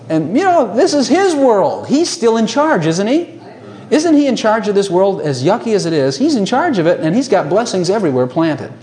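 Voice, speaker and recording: A man preaching a sermon to a congregation, animated, laughing often and asking rhetorical questions. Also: on the high side, a little hiss or hum.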